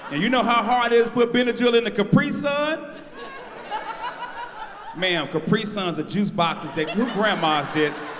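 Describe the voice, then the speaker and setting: A man from North Carolina doing a stand-up comedy set, telling stories loudly and teasing the crowd. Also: sits high, background noise. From North Carolina, USA. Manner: loud, animated storytelling, talking to the crowd. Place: stage of a live comedy show. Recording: echoey venue with long reverb.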